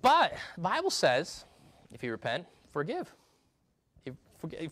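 A man with a fairly high voice preaches a sermon from the pulpit. His delivery is emphatic, rising to loud, urgent stretches and then dropping to hushed, low asides. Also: big pitch swings, moderate pace. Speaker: pastor.

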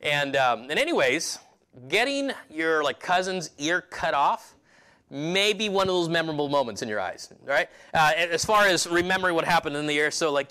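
A man delivers a sermon in a loose, talkative way, stopping and restarting his phrases as he thinks aloud. His voice sits a little high and sounds bright and forward. He acts out the quoted lines with small changes of voice. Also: lively intonation, measured pace, smooth. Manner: conversational preaching with frequent restarts and acted-out quotes. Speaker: pastor.

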